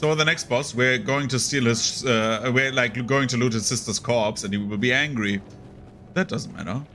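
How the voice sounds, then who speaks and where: A man's voice: medium pitch, normal speed, sharp tone, a little hiss or hum. A young man casually commenting on his gameplay, rambling and chatty with lots of fillers. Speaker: gaming streamer.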